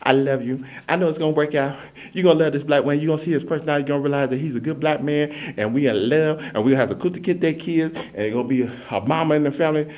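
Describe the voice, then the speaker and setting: A man's voice: on the high side, quick pace, darkish tone, lightly acted. A man voicing a young woman in love, who pleads with her rich father in a doting, rambling way.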